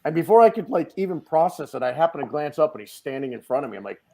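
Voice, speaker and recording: A man, a guest on a video call podcast, telling stories in a loud, casual way and acting out the quotes. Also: a little high, fast, vocal fry. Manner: animated storyteller, acts out quotes, swears casually. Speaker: guest, dent repair tech. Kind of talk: casual storytelling chat.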